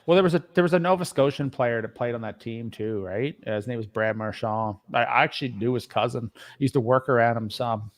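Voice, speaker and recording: A man from Canada talking loosely in a relaxed podcast chat. His delivery rambles and hesitates, with plenty of fillers and stalls. His voice sits at an ordinary middle pitch. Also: brisk, few pauses, no echo. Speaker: podcast co-host. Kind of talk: casual chat.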